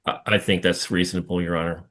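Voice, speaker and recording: A man answers the judge as an attorney, measured and a little hesitant. His voice is very deep. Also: level tone, a bit bright. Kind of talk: court hearing.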